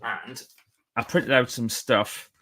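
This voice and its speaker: A man's voice: mid-range voice, slow, bright, forceful tone, husky. A middle-aged man chatting enthusiastically on a live stream from his book-lined home office, often stopping and restarting his sentences. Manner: chatty and enthusiastic, self-interrupting. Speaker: author and speaker. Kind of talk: casual live-stream chat. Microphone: phone or camera for a live stream.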